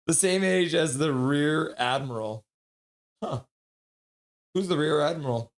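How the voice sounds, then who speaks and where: A young man hosting a live stream, casually chatting and reading viewer comments aloud with quick asides. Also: a little high. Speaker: livestream host reading chat. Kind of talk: casual live reaction chat.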